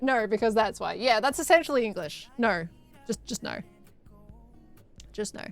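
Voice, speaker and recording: A woman's voice: fairly high pitch, animated, moderate pace, vocal fry, soft background music. A young adult woman streaming casually, answering chat messages and laughing often.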